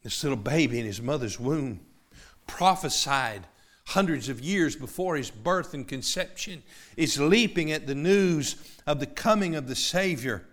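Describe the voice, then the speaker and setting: A middle-aged male pastor preaching a sermon, emphatic, moving between loud urgency and hushed lines. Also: on the high side, expressive, measured pace.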